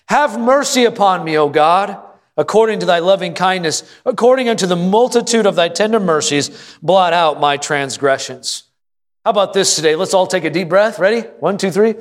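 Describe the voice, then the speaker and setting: A man preaching a sermon from the pulpit, his voice pitched high and building to loud, fervent exclamations. He calls on the congregation to answer and respond. The sound rings with a long reverb from the church hall. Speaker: pastor. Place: church sanctuary.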